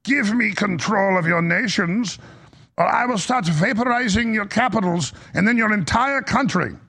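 A man putting on the voice of a male comic-book supervillain who makes grandiose, slow threats. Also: high voice, creaky, bright, forceful tone, exaggerated voice.

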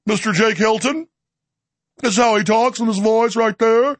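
A man hosting his own show, delivering rapid-fire political commentary in a combative, sarcastic way. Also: high voice, no echo. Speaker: show host.

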